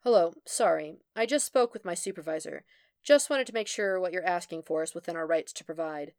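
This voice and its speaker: A woman's voice: fairly low pitch, a little fast, a little mellow, smooth, no room sound, studio quality, natural voice. A woman voicing a flustered young male tech worker, apologetic and frantic, in a storybook reading. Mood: polite.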